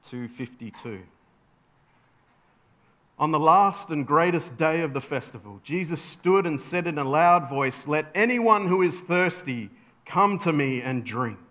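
A man's voice: mid-range voice, fairly bright tone. A male pastor preaching a sermon, telling a bedtime story and acting out the voices in it. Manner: storytelling, acts out voices in anecdotes.

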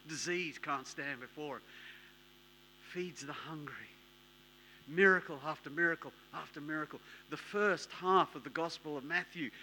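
Male preacher, slightly high voice, bright and emphatic, repetitive sermon delivery. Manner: emphatic, repetitive, swings between hushed and loud.

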